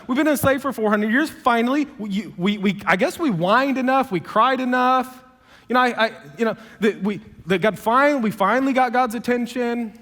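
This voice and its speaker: High-voiced preacher in an echoing hall. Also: male voice, animated, fairly quick, fairly bright tone. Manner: casual, conversational, humorous. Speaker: pastor. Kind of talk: sermon. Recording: long hall reverb.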